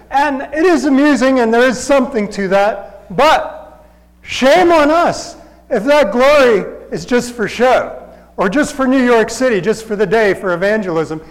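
A man preaching a storytelling sermon in a conversational, halting way. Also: high voice, big-room sound, rough recording. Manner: conversational, halting, with fillers and restarts.

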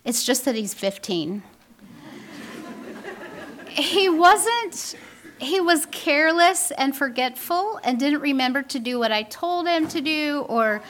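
A woman's voice: sits high, a bit bright. A middle-aged woman giving an earnest, wry talk on faith and raising children. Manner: earnest and wry, acts out quoted voices. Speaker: speaker on Christian parenting. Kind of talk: faith-based parenting talk.

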